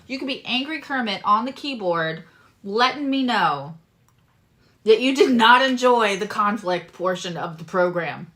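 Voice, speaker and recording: A woman giving a casual tarot reading to her viewers, chatty and animated, swearing casually and swinging between loud bursts and soft asides. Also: fairly high pitch, normal speed, a little hiss or hum. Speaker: tarot reader and astrologer.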